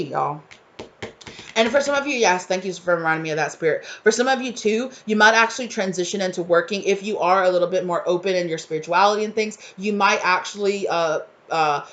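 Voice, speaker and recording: Effusive rambling woman reading tarot. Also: lowish voice. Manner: rambling, effusive, full of fillers and restarts; emotional, spiritual. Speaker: tarot reader.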